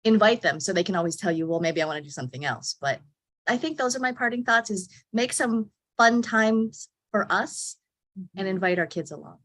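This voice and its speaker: A woman on a webcast panel, speaking gently and encouragingly with parting advice. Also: a little high, normal speed, no echo. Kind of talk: casual panel talk.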